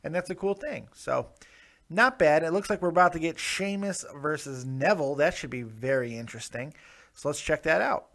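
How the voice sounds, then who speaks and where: A man's voice: on the high side, moderate pace, creaky, fairly bright tone. A man hosting a wrestling review show, giving opinions in casual, chatty commentary with frequent restarts.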